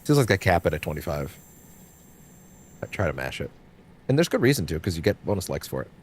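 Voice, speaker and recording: A man's voice: deep voice, very animated, fast talker, a little hiss or hum. A young man giving casual, rambling commentary while streaming a game, swearing offhandedly.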